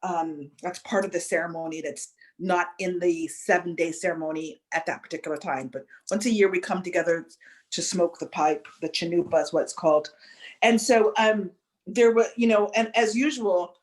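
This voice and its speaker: Woman telling a story, close to tears. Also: mid-range voice. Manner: halting, many restarts and fillers, emotional. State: near tears. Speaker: podcast guest. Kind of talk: reflective storytelling.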